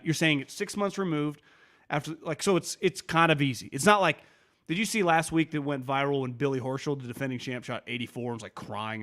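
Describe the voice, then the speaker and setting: A man co-hosting a sports podcast, talking fast and animated with many restarts and quoted asides. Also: on the high side. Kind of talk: casual sports talk.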